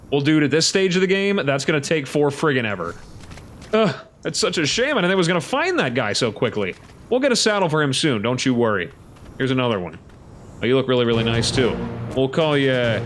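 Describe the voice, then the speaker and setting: Man, let's play host, excitable gameplay chatter, lively swooping pitch, faint background hiss. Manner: excitable, chatty, talks to his creatures. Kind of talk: casual gameplay commentary.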